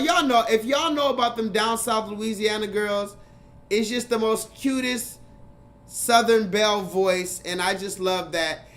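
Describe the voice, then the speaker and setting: Man, livestream host, higher-pitched voice, emphatic, repetitive, profane, chatting to viewers. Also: fairly bright tone. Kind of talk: casual livestream talk.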